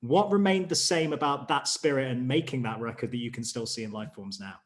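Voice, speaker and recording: A man's voice: medium pitch, brisk. A man interviewing a musician over a video call, asking loose, searching questions in a casual chat.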